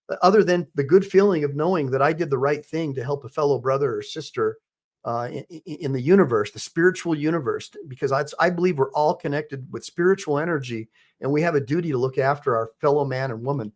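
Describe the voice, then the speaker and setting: A man's voice: on the high side, fast talker. A man hosting a live stream with rambling commentary, full of fillers and restarts. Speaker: host, attorney.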